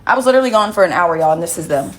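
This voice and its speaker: A woman's voice: lowish voice, animated, very fast. A woman talking casually and bluntly to viewers on a phone livestream from her home, with plenty of swearing. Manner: blunt, profane, talks straight to viewers. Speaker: livestream host.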